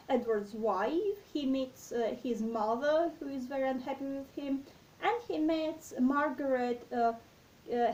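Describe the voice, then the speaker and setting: A woman with a high, warm, mellow voice talks through a play at a slow, thoughtful pace, pausing on fillers and restarting her sentences. She sounds a little distant from the microphone. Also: slight background noise. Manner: hesitant, many fillers and restarts. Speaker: literature talk host. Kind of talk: slow reflective explanation of a play. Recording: voice distant from the mic.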